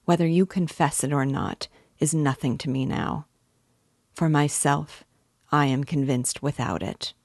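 A woman reads a shrewd middle-aged magistrate who presses every point with calm, slow insistence. Her low voice is unhurried, and the sound is close and dry with no echo.

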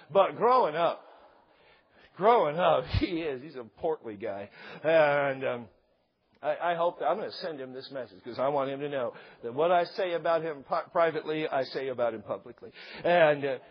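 A middle-aged male pastor preaching a sermon, animated and joking, acting out quotes along the way. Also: fairly high pitch, slightly rough. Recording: slightly dull lo-fi sound.

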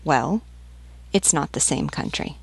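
A blunt, demanding army sergeant, read out by a woman who fires question after question. The voice sits low and gravelly, recorded close and dry with no room around it. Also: lively intonation, unhurried, no echo, full character voice. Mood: stern. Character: gruff male Republican sergeant, blunt interrogator.

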